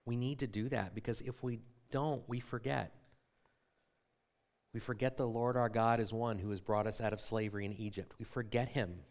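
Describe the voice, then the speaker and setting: A man's voice: fairly low pitch, fairly even intonation, moderate pace, darkish tone. A middle-aged man preaching a sermon as a pastor in a church, conversational and full of rhetorical questions to the congregation. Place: church sanctuary.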